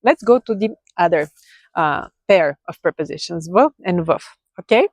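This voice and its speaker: A woman from Bulgaria, a native Bulgarian speaker with a Bulgarian accent, teaching a relaxed language lesson and often checking in with "okay?" while slowly repeating key words. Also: lowish voice, no echo. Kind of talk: casual explanatory lesson.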